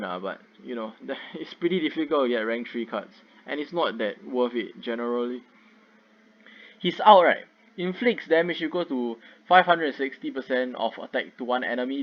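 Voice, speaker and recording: A young man, rambling through casual game commentary with many fillers and restarts. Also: on the high side. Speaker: gaming video creator. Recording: dull lo-fi sound.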